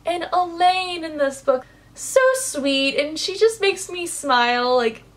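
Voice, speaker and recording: Bubbly high-voiced woman gushing over a book. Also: slow pace. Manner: gushing, excitable, says "like" a lot. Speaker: book reviewer. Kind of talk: casual book review vlog.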